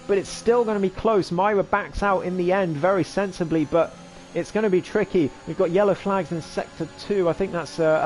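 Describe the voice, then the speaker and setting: Race caller, male, high tenor, rapid and excitable, voice going hoarse from shouting. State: losing his voice. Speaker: sim racing commentator. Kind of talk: live race commentary.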